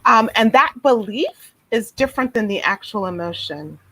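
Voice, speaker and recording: A woman speaking as a guest therapist in an interview over a video call, gentle and reflective, with many fillers and restarts. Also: medium pitch, lively intonation, normal speed, no room sound, low-quality recording. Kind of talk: casual interview talk.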